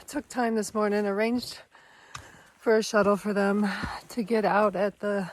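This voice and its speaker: A woman's voice: mid-range voice, steady tone, unhurried. Plainspoken woman vlogging on a mountain trail. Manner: chatty, plainspoken, sighs between thoughts. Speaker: long-distance hiker vlogger. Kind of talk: casual vlog talk to camera. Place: outdoors on a rocky mountain trail.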